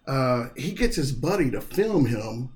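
A man's voice: mid-range voice, big pitch swings, measured pace, a little mellow. A man in casual conversation, joking around and laughing often as he tells stories. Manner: jokey, laughs often, puts on goofy dog voices. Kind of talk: casual chat.

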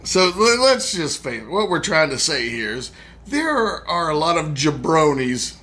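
Here is a middle-aged man co-hosting a casual podcast, full of sarcastic wisecracks and mocking impressions. His voice runs a little high and bright. He talks like a former sales manager swapping stories. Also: very animated, unhurried. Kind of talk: casual chat.

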